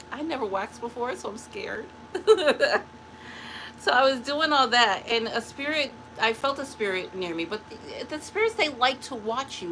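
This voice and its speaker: Bright-voiced woman taunting in a vlog. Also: mid-range voice, slight background noise, rough recording. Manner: taunting, confrontational, then chatty; rambling with restarts and laughs. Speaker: vlogger. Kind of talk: spiritual monologue to camera.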